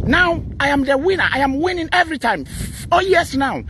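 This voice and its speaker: Ghanaian man, high voice, defiant mocking rant, Twi-English mix, outdoors by a road, faint traffic behind. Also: lively intonation, brisk, hardly any pauses. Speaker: vlogger answering a critic. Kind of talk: heated rant to camera. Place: outdoors beside a busy road.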